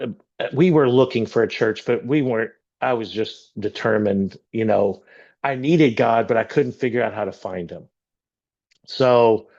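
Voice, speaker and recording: A man's voice: lowish voice, a little mellow, lo-fi sound. A middle-aged man telling his personal testimony to a church, earnest and emotional, rambling with restarts. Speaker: church member sharing testimony.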